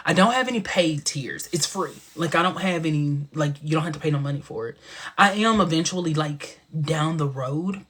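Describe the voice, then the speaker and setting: Hosting a laid-back livestream, a young man with a slightly high voice chats in an animated way. He laughs a lot and every so often lowers his voice to a whisper.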